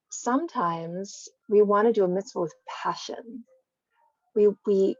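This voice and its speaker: Woman giving a lively conversational talk. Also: medium pitch, dry recording. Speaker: guest speaker. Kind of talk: online Torah talk. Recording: dry, slightly dull recording.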